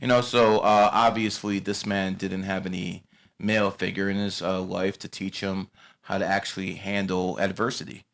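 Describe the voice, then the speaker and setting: A man in his thirties talks in a bright, edgy voice, blunt and profane. He swings between loud rants and quieter asides in loose casual chat. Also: low-pitched, little pitch movement, moderate pace, gravelly. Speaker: podcast host.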